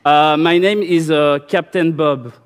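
A man's voice: fairly high pitch, steady tone, a little slow, clear, resonant tone. Hesitant man in a reverberant hall. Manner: hesitant, many fillers. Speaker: demo presenter. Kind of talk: casual chat with an AI.

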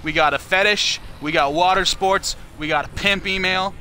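A man's voice: sits high, moderate pace, pushed and bright, slight background noise. A man chatting crudely on a live stream, profane and mocking as he reads messages and asks for donations. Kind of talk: casual live-stream chat.

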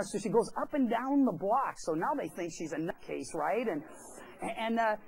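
A man's voice: high-pitched, a little mellow, poor audio. A pastor telling a story during a sermon in a church. He talks in a chatty way and acts out the quoted voices. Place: church sanctuary.

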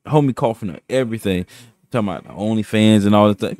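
Excitable man reacting, dry sound. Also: mid-range voice, fairly quick, no echo. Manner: excitable, slangy. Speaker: reaction channel host. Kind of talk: casual reaction commentary.

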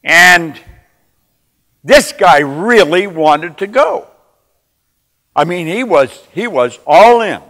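A man giving a motivational talk, telling personal stories and moving from quiet moments to emphatic ones. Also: high-pitched, slow, pauses often. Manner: animated, swings from quiet to emphatic. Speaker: motivational speaker. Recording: long reverb in a large hall.

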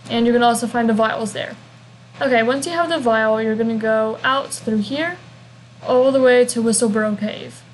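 Narrating a casual game walkthrough at normal speed, a young woman with a voice on the higher side rambles along, dropping in humming fillers and side comments. Faint hiss runs beneath the rough recording.

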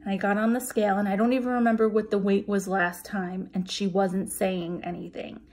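A woman vlogger recounts her week to the camera in a casual, chatty way. She talks with plenty of ums and restarts, and her telling is openly emotional. Her voice sits at an ordinary middle pitch. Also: level tone, fairly quick, darkish tone. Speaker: vlogger sharing a weight-loss weigh-in.

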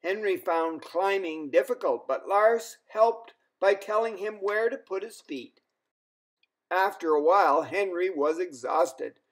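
A man reading a children's story aloud as a storyteller, in an expressive way. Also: high voice. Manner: slow, expressive.

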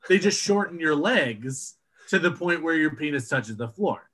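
A man's voice: on the high side, unhurried, a bit bright. A man co-hosting a casual podcast, explaining ideas at length and swearing when amused. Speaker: podcast co-host. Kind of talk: casual chat.

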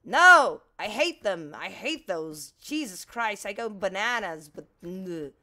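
A woman's voice: mid-range voice, expressive, unhurried, a bit bright. A woman whose first language is Portuguese, playing a video game and commenting casually, muttering to herself and exclaiming and swearing when things go wrong. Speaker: gaming streamer.

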